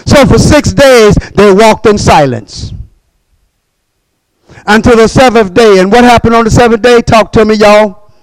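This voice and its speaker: Preacher, male, very high voice, dry close sound; calls to the congregation, shouts, repeats himself. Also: dry recording, poor audio. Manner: call-and-response preaching, bursts of shouting, quick repetitions. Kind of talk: sermon.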